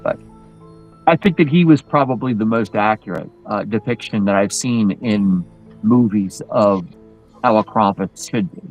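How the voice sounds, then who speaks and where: A man chatting casually on a live show as a guest in Krampus costume, telling animated stories with many restarts. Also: lowish voice, normal speed, lo-fi sound, soft background music. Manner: animated, acts out quoted voices, many restarts.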